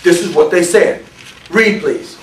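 High-voiced man lecturing in an echoey room. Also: unhurried, slight background noise. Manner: emphatic, builds to near shouting. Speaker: teacher. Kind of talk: preaching-style class lecture. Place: classroom. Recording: echoey classroom from far off.

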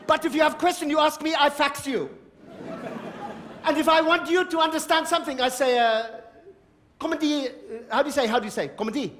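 A man doing manic stand-up on stage, shouting, stammering and cackling as he mixes broken French into his English. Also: extremely high pitch, fast, some chatter behind, slight background noise. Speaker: stand-up comedian. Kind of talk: manic clowning stage comedy. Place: theater stage before a live audience. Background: audience laughter.

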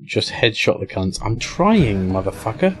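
A man's voice: on the low side, very animated, a little slow, background noise. A young English man streaming a game, chatting casually, swearing and reading out chat. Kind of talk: casual live-stream commentary.

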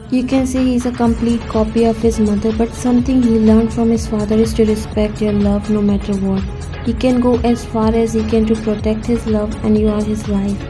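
A woman narrating a fan-fiction story in an even, unhurried reading voice. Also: fairly high pitch, low-quality recording. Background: faint music.

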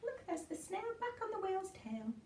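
A woman's voice: extremely high pitch, big pitch swings, moderate pace, a little mellow, distant mic, slight background noise. A woman reading a picture book aloud to small children in a sing-song way, with playful asides. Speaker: children's storyteller. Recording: echoey room, away from mic.

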